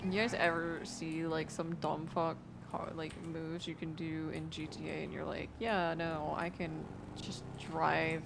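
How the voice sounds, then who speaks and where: Drowsy gravelly young woman streamer. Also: sits low, level tone, unhurried, hardly any pauses, noisy background. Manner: laid-back, profane, laughs easily. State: sleepy and worn out. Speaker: livestreamer playing a roleplay game. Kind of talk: casual stream chatter.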